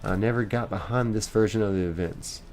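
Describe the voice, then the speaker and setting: A man's voice: fairly low pitch, fairly quick, a little mellow. A young man hosting a live stream, casually reading viewer comments aloud and rambling with lots of fillers. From United States.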